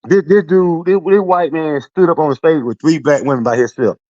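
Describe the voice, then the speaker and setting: Man, podcast co-host, laughing, quick agreement, slightly high voice, muffled dry sound. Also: warm tone, dry recording. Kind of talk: casual podcast chat.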